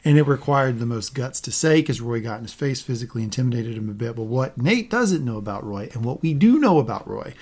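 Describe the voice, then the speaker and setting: A man co-hosting a podcast, chatting casually about a TV episode, often pausing with fillers and restarts. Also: medium pitch, expressive, a little mellow. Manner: hesitant, many fillers and restarts. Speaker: podcast co-host. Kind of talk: casual review chat.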